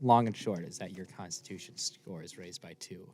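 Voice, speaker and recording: A man's voice: sits low, normal speed, darkish tone. A man running a tabletop game as game master, narrating in a playful, rambling way and laughing often.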